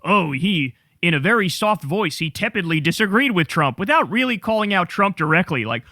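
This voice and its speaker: A man delivers political commentary in a sarcastic, mocking tone and swears freely. His voice is high, bright and gravelly, and it sits dry and close to the mic. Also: lively intonation, fairly quick, dry recording.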